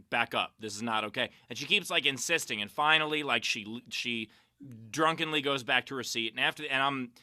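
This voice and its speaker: A man's voice: medium pitch, pushed and bright, no echo. A man hosting a comedy chat over a video call, telling profane stories and laughing through them. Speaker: podcast host and comedian. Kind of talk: casual chat, storytelling.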